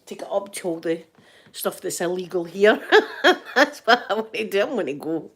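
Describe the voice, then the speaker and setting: A woman's voice: medium pitch, animated, normal speed, a bit bright, husky. Chatty Scottish woman live-streaming. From Scotland. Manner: chatty, laughing, greeting viewers by name. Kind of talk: casual live-stream chat with viewers.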